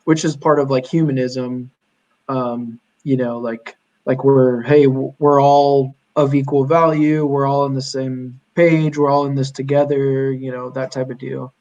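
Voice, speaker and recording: A young man, a podcast guest, chatting casually and telling animated stories with lots of fillers. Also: medium pitch, unhurried, highs cut off. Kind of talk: casual chat.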